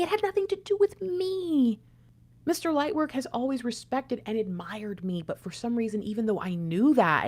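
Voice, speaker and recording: A woman hosting a casual spiritual talk for her viewers, chatty and animated, dropping to soft whispers and rising to loud outbursts. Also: a little high. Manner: chatty, frequent fillers and asides. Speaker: spiritual channel host.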